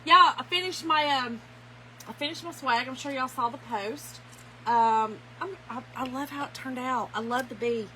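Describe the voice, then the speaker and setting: A woman's voice: high voice, moderate pace, sharp tone, slight background noise, poor audio. Chatty woman hosting a craft livestream. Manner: chatty, greets viewers by name, laughs often. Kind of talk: casual livestream chat with viewers. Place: home.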